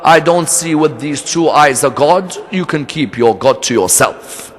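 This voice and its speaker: A man's voice: on the high side, expressive, a little slow, pitched below the performer's own voice. A man playing an arrogant, cruel ancient king who speaks in a scornful, defiant way, told within a sermon. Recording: echoey hall.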